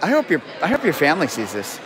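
A man's voice: on the high side, huge pitch swings, fast. A man hosting a live stream in a school gym, joking with students and often apologizing. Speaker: event host live streaming. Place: school gym with a crowd, indoors. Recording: loud crowd chatter and noise. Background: crowd chatter.

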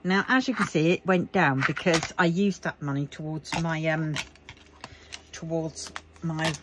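Tired, chatty woman, low-voiced. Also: unhurried, background noise. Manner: chatty, self-mocking, grumbling asides. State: tired, yawning. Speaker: crafting vlogger. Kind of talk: casual chat while crafting.

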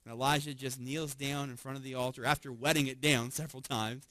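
A man preaching a sermon as a pastor, conversational and animated, often chuckling and checking in with his listeners. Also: medium pitch, a little fast, slight background noise. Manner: conversational, tags lines with "right?" and chuckles often; animated storytelling with frequent restarts.

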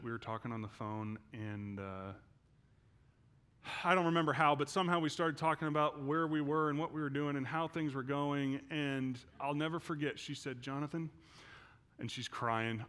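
A male pastor preaching in a church, telling a personal story and moving from hushed, quiet passages to loud, intense ones. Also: medium pitch. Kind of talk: sermon.

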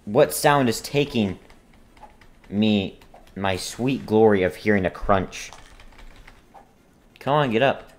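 A man's voice: lowish voice, slow pace, pauses often. A man giving casual gameplay commentary, grumbling and talking at the game in frustration. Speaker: gaming video creator.

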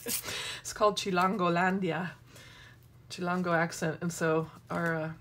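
A woman's voice: on the low side, fairly even intonation, unhurried, a bit bright. A middle-aged woman hosting a casual craft tutorial, chatting and wandering into asides as she works. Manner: chatty, rambling asides while working. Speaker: craft demo host.

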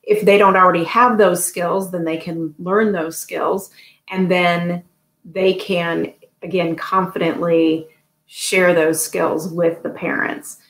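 A woman who educates new parents, answering interview questions in a calm, explanatory way. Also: fairly low pitch, takes it slowly. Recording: echoey room.

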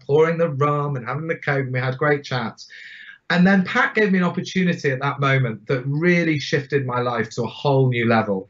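A man in his forties, guest on an interview podcast, telling his stories in an animated, emphatic way. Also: mid-range voice. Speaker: guest speaker. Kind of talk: storytelling interview. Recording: dull lo-fi sound.

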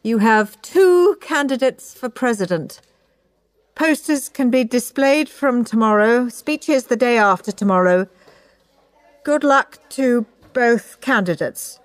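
A stern, strict schoolteacher, put on by a woman narrator, with a cold, bossy storybook manner. Her voice rides high and swings widely in pitch as she hands down orders slowly. Faint music plays underneath. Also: animated.

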